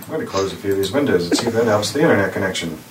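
A man co-hosts a podcast over a video call, chatting loosely and breaking into impressions. His voice sits a little low and sounds far from the mic. The room is echoey and the line carries a steady hiss. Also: very fast. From US West Coast. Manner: joking, slips into impressions. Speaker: podcast co-host. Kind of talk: casual chat on a video call.

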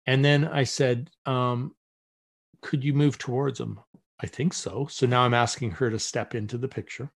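A man's voice: mid-range voice, moderate pace, creaky. Man chatting on a podcast, tells stories, does little voices for people, restarts a lot. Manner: animated, acts out quoted voices, many restarts. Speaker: podcast guest. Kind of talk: casual conversational storytelling.

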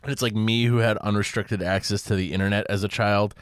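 A man's voice: on the low side, steady tone, a little fast, smooth, no room sound, studio quality. A young man joking and bantering casually on a podcast.

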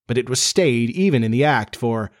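A man narrating a children's storybook in a steady, measured reading voice. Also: mid-range voice.

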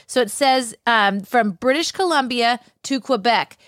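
A woman co-hosting a casual talk show, enthusiastic and quick to agree with her partner. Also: fairly high pitch, fairly bright tone, no echo, clean studio sound. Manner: enthusiastic, affirming. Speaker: co-host.

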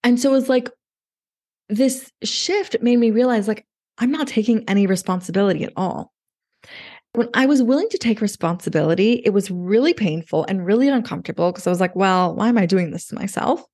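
Her medium-pitched voice has a darkish tone, lively intonation, and a fairly quick pace. A dating coach in her thirties and a podcast guest, she tells her story chattily, saying "like" a lot and acting out her thoughts in a quoted inner voice.

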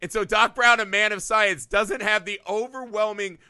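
A man co-hosting a casual podcast chat, animated and swearing freely as he riffs. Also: high-pitched, moderate pace, smooth, no echo. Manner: animated, swears freely, jumps into shouted impressions. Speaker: podcast co-host. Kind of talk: casual chat about movies.

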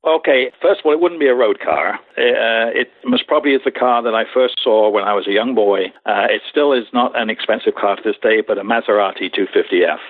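A man's voice: lowish voice, fairly quick, hardly any pauses, no echo. A man from England, a podcast guest, telling stories in a rambling way with many hesitations, heard over a phone line. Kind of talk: interview podcast storytelling. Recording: tinny dry phone line.

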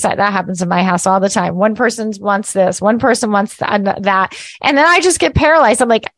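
A woman hosting a casual spiritual teaching talk, chatty and lively, laughing at herself and often checking in with "right?". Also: fairly high pitch, normal speed, dry recording.

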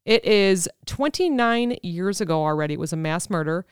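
Chatty woman with a crisp, dry voice. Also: fairly low pitch, expressive, normal speed, no room sound. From Illinois, US. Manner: chatty, rambling storyteller with many fillers. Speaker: podcast co-host. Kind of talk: casual chat.

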